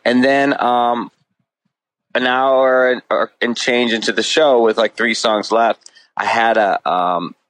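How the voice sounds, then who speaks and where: A man's voice: mid-range voice, steady tone, slow pace, a bit bright, dry recording, poor audio. Rambling, profane male storyteller. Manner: rambling, swears freely, many "like" fillers. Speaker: guest musician. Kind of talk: casual storytelling in a podcast chat.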